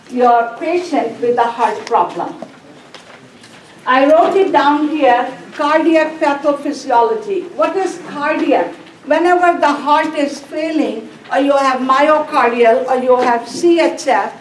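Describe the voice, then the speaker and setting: A woman with a high voice teaches a nursing class at a slow, deliberate pace. She fires questions at the room and answers them herself, driving home key terms by repeating them. She is picked up from across an echoey classroom. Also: a little hiss or hum. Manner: asks and answers her own questions, repeats key words. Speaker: nursing instructor. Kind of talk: classroom lecture. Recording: roomy classroom from a distance.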